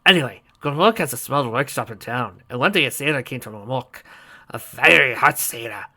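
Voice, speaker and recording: A man's voice: medium pitch, expressive, brisk, pushed and bright, exaggerated voice. A man doing a quirky accented half-orc. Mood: chummy. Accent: put-on accent. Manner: talks of himself in third person, broken grammar. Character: odd, secretive male half-orc tinkerer.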